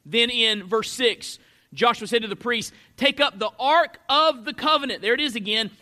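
A man's voice: extremely high pitch, moderate pace, sharp tone. A pastor preaching an expository sermon, a man who leans hard on key words and lets his voice swell and drop for emphasis.

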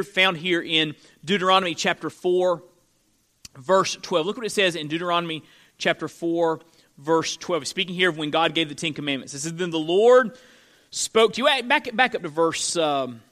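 A man's voice: fairly high pitch, moderate pace, pushed and bright. A man from Florida preaching a sermon as pastor, conversational, with joking asides to the congregation.

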